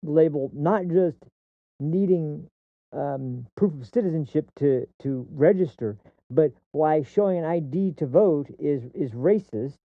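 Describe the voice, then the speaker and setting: A man's voice: a little high, a little slow, no room sound. A male livestream host giving political commentary, ranting in a heated, profane way and often repeating and restarting words mid-sentence. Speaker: streamer host. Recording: dry, tinny phone-like audio.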